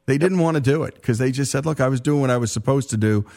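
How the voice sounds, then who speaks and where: Expressive male talk-show host. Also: mid-range voice, fast. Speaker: interview host. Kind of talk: interview talk.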